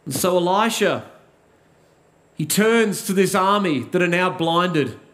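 A man's voice: sits high, animated, slow, a bit bright. A man preaching a sermon, asking rhetorical questions and repeating key lines for emphasis.

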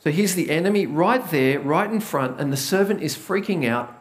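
A man preaching a conversational sermon, retelling a Bible story with lively storytelling and asking the congregation direct questions. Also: a little high, moderate pace. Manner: lively storytelling, acts out the biblical characters' panic. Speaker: pastor.

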